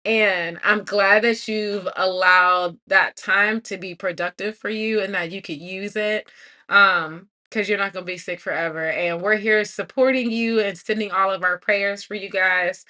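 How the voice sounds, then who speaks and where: A woman, hosting a live stream and encouraging her viewers warmly. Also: mid-range voice, fairly even intonation, a little slow. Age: 40s. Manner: warm, encouraging, effusive. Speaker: livestream host.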